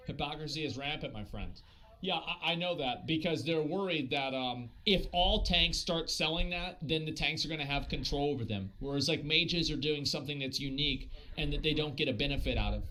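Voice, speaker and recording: A man's voice: fairly high pitch, sharp tone, slight background noise, poor audio. A man streaming live and chatting casually about a game, rambling with lots of filler words and swearing. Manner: rambling, heavy on fillers and profanity. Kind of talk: casual gaming stream chat.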